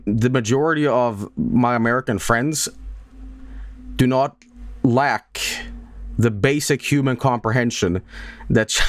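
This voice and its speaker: A man's voice: mid-range voice, no echo. A young man from Sweden, chatting casually on a game livestream, rambling and joking, swearing often and laughing a lot. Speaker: streamer.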